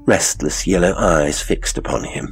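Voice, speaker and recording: A man reading a horror story aloud in slow, deliberate, hushed scripted narration. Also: low voice, music in the background.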